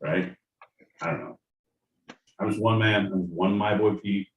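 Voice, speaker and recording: A man with a very low voice rambles through casual podcast chat, swearing freely and filling his talk with "like" and "man". He sounds set back from the mic in an echoey room, with a faint hum of noise behind him. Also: fairly even intonation, unhurried, recorded from a distance. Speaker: podcast co-host.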